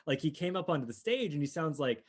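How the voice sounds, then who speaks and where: A man's voice: on the high side, expressive, quick pace, slightly rough. A man co-hosting a podcast, chatting casually and enthusiastically about films, often restarting his sentences. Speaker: podcast co-host. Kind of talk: casual movie review chat.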